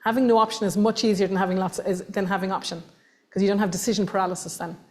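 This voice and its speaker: A woman with an Irish accent giving a lively, emphatic workshop talk to a room of people, now and then acting out what others say. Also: medium pitch, fast talker. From Ireland. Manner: animated, emphatic, acts out voices of others. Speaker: workshop presenter. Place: meeting room with audience.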